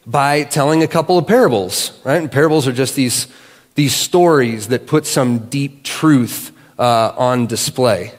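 A man giving a sermon as a guest pastor, telling a story in a relaxed, conversational way with casual fillers. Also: mid-range voice, in a large hall. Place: church sanctuary.

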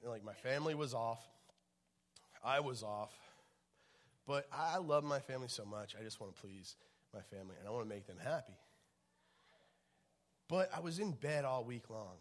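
A man preaching a casual, conversational sermon as a pastor, chatty with many fillers and restarts and swings in loudness. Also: medium pitch.

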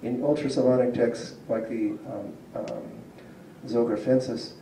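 Male lecturer, very mellow dark voice, heard from afar in an echoey hall, chatty and explanatory. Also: mid-range voice, big pitch swings, measured pace, gravelly, a little hiss or hum. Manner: explanatory, asks the audience questions, chuckles often. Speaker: university linguistics lecturer. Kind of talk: public lecture to a community audience. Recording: roomy hall picked up from a distance.

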